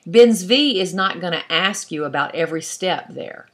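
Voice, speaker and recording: A woman's voice: fairly low pitch, lively intonation, normal speed, fairly bright tone. A woman teaching an online class, explaining step by step in a patient way and thinking aloud as she goes. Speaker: Hebrew instructor.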